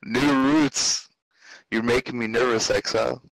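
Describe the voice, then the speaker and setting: A gravelly, uneasy game character. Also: male voice, medium pitch, fairly even intonation, a little slow, fairly bright tone, slight background noise, rough recording. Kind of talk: video game voice acting.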